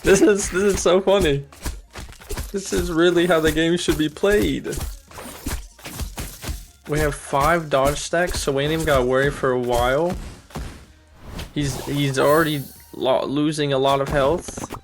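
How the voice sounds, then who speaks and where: A man's voice: fairly high pitch, steady tone, a little slow, long pauses, over music. A young man giving casual, upbeat commentary while playing a video game, thinking aloud and amused by his own plays. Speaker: gaming streamer. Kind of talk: casual let's-play commentary.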